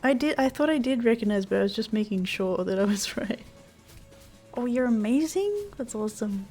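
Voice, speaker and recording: A woman streams a video game, chatting casually with viewers in a giggly, easily startled way as faint game music plays behind her. Her voice is medium in pitch with a darkish tone and a quick pace.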